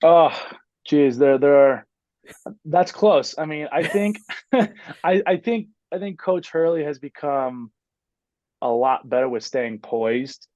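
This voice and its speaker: A man's voice: fairly high pitch, expressive, takes it slowly, darkish tone, dry recording, lo-fi sound. A man in his twenties, a basketball coach, chatting casually as a podcast guest and rambling with many fillers and restarts. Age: 20s. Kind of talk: casual interview chat.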